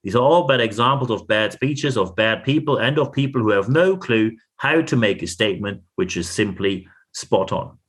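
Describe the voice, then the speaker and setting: A man's voice: lowish voice, animated, normal speed, few pauses, fairly bright tone. German-accented man hosting a leadership podcast. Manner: emphatic, repeats phrases for effect. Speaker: podcast host and leadership coach. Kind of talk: solo podcast monologue.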